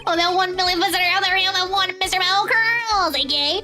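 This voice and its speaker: A woman's voice: extremely high pitch, steady tone, a little fast, music in the background, voice pushed up. A woman voicing a corny male circus clown who tells bad puns in a hammy manner, in a visual novel read-through. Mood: joking. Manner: pun-telling, hammy.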